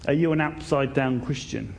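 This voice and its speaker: A man preaching a sermon, telling a story in an animated way and swinging between loud bursts and hushed moments. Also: medium pitch, normal speed, vocal fry, a little hiss or hum.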